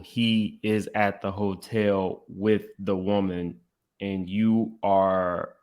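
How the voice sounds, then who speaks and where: Low-voiced man with blunt commentary. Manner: blunt and opinionated, addresses viewers. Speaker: commentary host. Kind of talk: reaction commentary on podcast clips.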